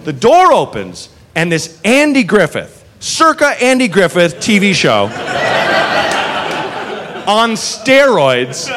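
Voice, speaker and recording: Animated, high-voiced male comedian. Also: takes it slowly, a little hiss or hum. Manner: animated, profane, rambling with fillers. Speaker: stand-up comedian. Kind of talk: stand-up storytelling.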